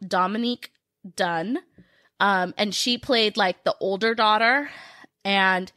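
A woman's voice: medium pitch, sharp tone, no room sound, studio quality. A woman podcast co-host, telling spooky movie stories in casual chat with many fillers.

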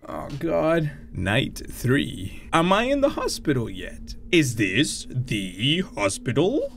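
A young man doing let's-play commentary of a horror game, loud and jumpy, swearing and breaking into Spanish exclamations. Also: mid-range voice, huge pitch swings, slow, creaky, slight background noise. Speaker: gaming YouTuber.

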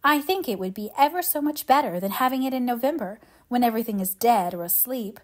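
A woman's voice: on the high side, animated, brisk, natural voice. A woman voicing a dreamy, imaginative young teacher who speaks in an effusive, lyrical way. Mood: rapturous.

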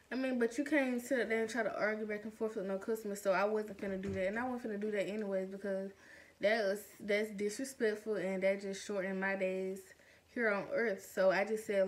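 A young woman telling a storytime vlog in a chatty, animated way, full of slangy asides. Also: medium pitch, a little fast. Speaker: vlogger.

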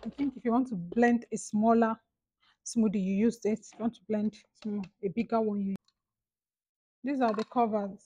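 A woman's voice: on the high side, breathy edge, dry recording, rough recording. A young woman with a Nigerian accent, chatting casually and gushing over her purchases in an unboxing vlog. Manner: gushing, excitable. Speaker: vlogger.

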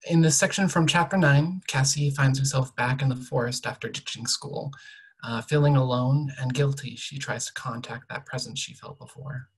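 A young adult author quietly reading an excerpt from their own novel, measured and soft, often trailing off at the ends of sentences. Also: medium pitch, breathy edge, low-quality recording.

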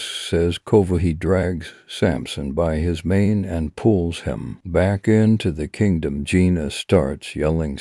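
A man narrating an amateur story in a flat, halting way, with slips in his reading. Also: deep voice, no room sound, studio quality.

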